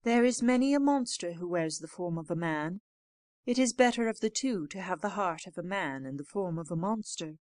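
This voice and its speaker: A woman's voice: fairly low pitch, lively intonation, moderate pace, a little mellow, no echo, studio quality, close to an everyday voice. A woman reading aloud voices a kind, honest young woman in a storybook, speaking earnestly and firmly. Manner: earnest, firm and candid.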